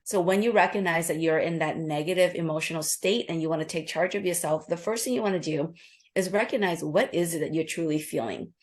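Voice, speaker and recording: A woman being interviewed as an author and nurse practitioner, explaining a calming method in a quick, earnest, instructive way. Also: lowish voice. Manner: acts out inner voices in quoted asides.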